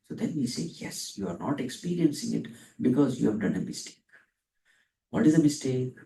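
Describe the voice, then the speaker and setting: In a Vedanta discourse, a spiritual teacher poses questions and answers them himself, drawing out Sanskrit terms slowly. His voice is high with a dark tone, picked up from a distance in an echoey room.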